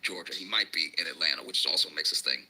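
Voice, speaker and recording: A man's voice: very deep voice, fast talker, heavy background noise. A man doing a stand-up comedy routine. He tells a rambling story and often laughs through his own lines.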